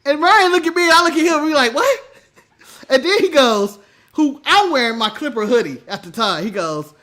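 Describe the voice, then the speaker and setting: A male podcast co-host telling a story in casual chat, animated, laughing often and swearing freely. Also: very high-pitched, a little fast.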